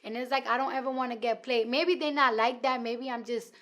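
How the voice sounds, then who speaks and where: Brief: twenties New York woman rapper, slightly high voice, blunt and profane, animated storyteller. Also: a little fast. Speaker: rapper, interview guest. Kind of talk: casual interview chat.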